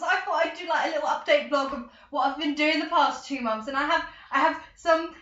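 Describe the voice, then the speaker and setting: An excitable teenage girl, chatting and rambling to her camera in a casual vlog. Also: high voice, fairly quick, few pauses. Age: teens. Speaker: vlogger. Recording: echoey room, dull lo-fi sound.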